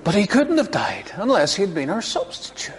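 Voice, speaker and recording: A man's voice: high voice, wildly swooping pitch, normal speed, big-room sound, a little hiss or hum. A male preacher giving a sermon to a congregation, chatty, with joking asides and chuckles. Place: church hall before a congregation.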